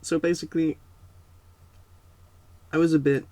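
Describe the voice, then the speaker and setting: A man's voice: on the high side, level tone, a little slow, warm tone, dry recording. A man giving a casual, rambling spoken rant, full of fillers and restarts. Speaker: video creator.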